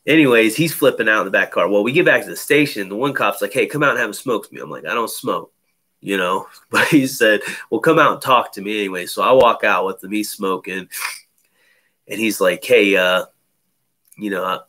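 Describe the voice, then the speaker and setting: A man's voice: lowish voice, brisk, pushed and bright. A man telling a personal story in casual chat, loose and profane, full of fillers. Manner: loose, profane, many fillers like "you know".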